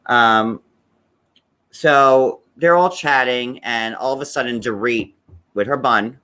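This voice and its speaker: A man chatting casually as a co-host, rambling and circling back with fillers and restarts. His voice is bright and forward, and his pitch sits at an ordinary middle height. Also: unhurried. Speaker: co-host recapping a reality show. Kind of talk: casual chat.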